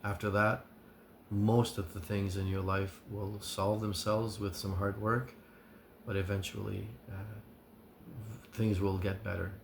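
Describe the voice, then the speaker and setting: A man giving an earnest advice monologue as a recovery vlogger, sincere and measured, listing his points with pauses. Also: lowish voice, flat delivery, creaky, noisy background.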